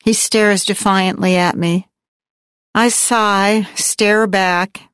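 Woman narrator for a literary audiobook, reflective and wry, unhurried, dry mic. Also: mid-range voice, fairly even intonation, a bit bright, clear, resonant tone, dry recording. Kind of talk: first-person audiobook narration.

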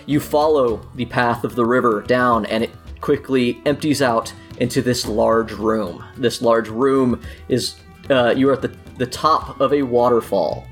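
A man running a tabletop game as game master, narrating scenes in a relaxed, chatty way and laughing often. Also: mid-range voice, measured pace, soft background music.

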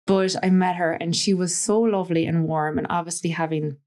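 A woman's voice: on the low side, fairly even intonation, a little fast, darkish tone. A woman from West Cork with an Irish accent, a stylist chatting as a podcast guest and telling anecdotes full of "like" and "you know". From Ireland, West Cork. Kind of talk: casual interview storytelling.

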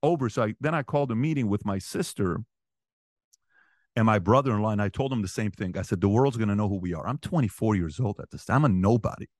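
Animated storytelling man with a low voice. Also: fast talker, no echo, clean studio sound. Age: 40s. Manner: animated, rising in pitch and volume when reliving arguments. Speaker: interview guest. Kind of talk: storytelling in conversation.

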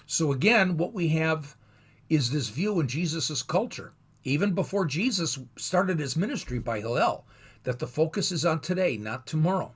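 Husky man giving a lively Bible lesson. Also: on the high side. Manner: thoughtful, explanatory, with pauses and restarts. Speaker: Bible teacher.

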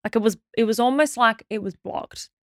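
A young woman telling a stressful story as a podcast guest, in a quick, animated way with many fillers and restarts. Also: on the high side, no echo, clean studio sound. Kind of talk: casual storytelling interview.

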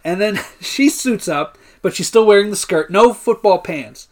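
This man co-hosts a podcast, recounting a film's story beat by beat with casual profanity and lots of laughter in a relaxed movie recap chat. His voice sits high and he speaks at a normal speed.

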